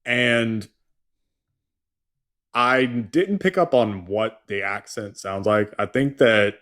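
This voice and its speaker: A man's voice: lowish voice, slow, a bit bright. Rambling man hosting a live stream. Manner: rambling storyteller, many fillers. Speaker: host. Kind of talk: casual chat on a live stream.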